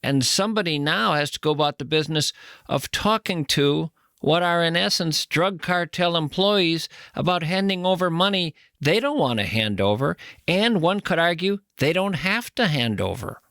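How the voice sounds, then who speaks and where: Man, host, higher voice, dry close sound, reflective retelling. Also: animated, moderate pace, gravelly, pushed and bright, no echo. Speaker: podcast host. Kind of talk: interview commentary.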